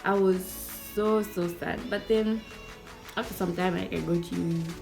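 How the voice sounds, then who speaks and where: Lively young Zambian woman telling stories. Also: on the low side, unhurried, gravelly, faint music behind. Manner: animated, acts out quoted people, chatty fillers. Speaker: YouTuber. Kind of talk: casual storytime.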